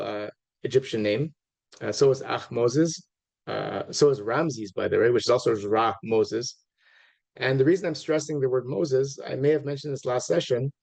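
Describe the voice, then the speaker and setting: A man's voice: mid-range voice, creaky, a little mellow. A middle-aged man lecturing an audience in a chatty way, with many fillers and restarts and asides to his listeners. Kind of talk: informal lecture.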